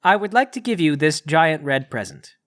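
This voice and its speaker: A man's voice: fairly high pitch, animated, normal speed, fairly bright tone. A man playing his character in a comedic tabletop game, speaking in an overly polite, formal way. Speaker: player.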